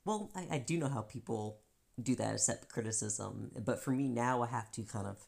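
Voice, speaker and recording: A woman co-hosting a podcast, talking candidly about feelings in an animated way, often acting out voices and laughing. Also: rumbling low, normal speed, creaky. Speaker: podcast co-host. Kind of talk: candid personal chat.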